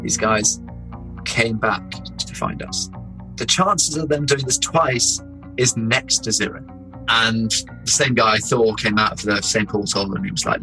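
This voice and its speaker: An English explorer recounts his voyage in a lively, chatty way, acting out the voices of the people he met. His voice is lowish, bright and forceful. Soft music plays faintly behind him. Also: a little slow, poor audio. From England. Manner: lively anecdotal telling, doing voices of others, laughing. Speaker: explorer telling his story. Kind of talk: animated storytelling interview.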